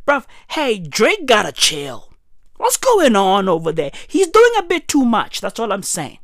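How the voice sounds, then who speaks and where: A woman's voice: mid-range voice, no echo, clean studio sound. Swooping, emphatic profane woman ranting. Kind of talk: comedic rant to camera.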